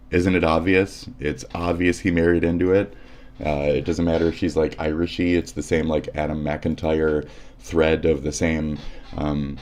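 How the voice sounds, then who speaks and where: A man's voice: very deep voice, darkish tone, a little hiss or hum. A man hosting a livestream, ranting in a sarcastic, profane and combative way as he comments on news clips. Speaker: livestream host.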